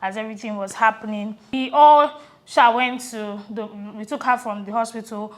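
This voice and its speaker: A Nigerian woman co-hosting a podcast, telling a personal story in a reflective, earnest way that often trails off softly. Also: on the high side, normal speed. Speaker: podcast co-host. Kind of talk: casual conversational storytelling.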